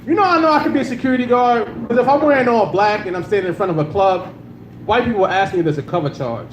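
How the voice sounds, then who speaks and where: Speaking fast in a high register, this male comic works a club stage with a handheld mic before a live crowd. His crude, relaxed set is peppered with filler, and the audio carries the spacious feel of the club plus a little noise.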